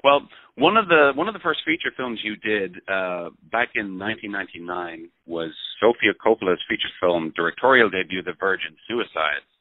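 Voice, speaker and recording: A man's voice: low voice, lively intonation, moderate pace, no room sound. A man with an Irish accent, a film critic interviewing a guest and asking prepared questions. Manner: prepared questions, short backchannel replies. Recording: dry, tinny phone line.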